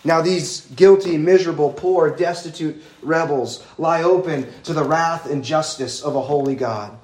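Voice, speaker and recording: A man's voice: fairly high pitch, moderate pace, darkish tone, echoey room. A male pastor preaching an expository sermon in an earnest, emphatic way, stacking lists of words one after another.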